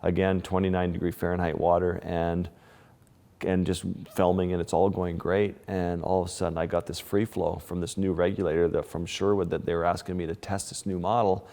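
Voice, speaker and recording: A man's voice: deep voice, little pitch movement, fairly quick, warm tone, in a large hall. A Canadian-born man, a wildlife photographer, telling stories in an interview. He restarts his sentences often and uses lots of fillers. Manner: vivid, restless retelling with many restarts and fillers. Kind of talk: storytelling in a casual interview.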